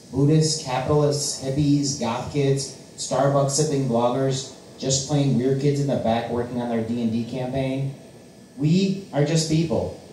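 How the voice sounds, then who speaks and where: A man's voice: mid-range voice, dark tone, slight background noise. A man performing his spoken-word poetry at an open mic, with a rhythmic, declamatory delivery. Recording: very echoey room, voice from a distance.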